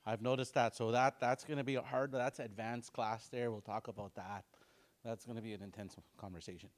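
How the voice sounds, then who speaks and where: Joking man teaching a language class. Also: mid-range voice. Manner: relaxed, joking, repeats words slowly for practice. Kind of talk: casual online language lesson.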